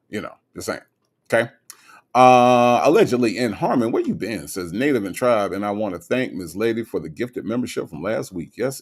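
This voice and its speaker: A man hosting a livestream in a casual, teasing way. He reads viewer comments aloud and often checks in with "okay?" and "all right?". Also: fairly low pitch. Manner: animated and teasing, with many "okay?" asides. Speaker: livestream host.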